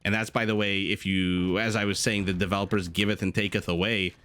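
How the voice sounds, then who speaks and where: A married man casting a strategy video game match as a commentator, lively and jokey, with rambling asides and sudden gasps. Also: fairly low pitch, a little fast. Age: adult, married with a young child. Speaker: game caster. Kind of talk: esports commentary.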